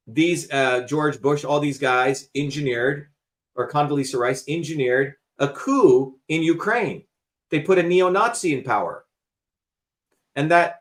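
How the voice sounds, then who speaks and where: A man's voice: on the high side, fairly bright tone. A man hosting a talk show, lecturing emphatically in casual conversation and cursing freely. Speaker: host.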